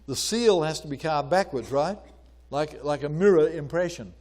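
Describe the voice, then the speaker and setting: An older man giving an informal lecture on archaeology, conversational with many pauses and fillers, sometimes acting out voices as he retells a story. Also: a little high, a little mellow.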